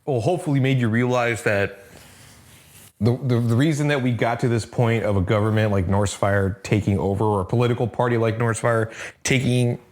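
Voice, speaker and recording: A man's voice: medium pitch, fairly even intonation, brisk, darkish tone. A man co-hosting a casual comic book review podcast. He sounds laid-back and swears freely. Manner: laid-back, profane, laughs while telling stories. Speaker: podcast co-host.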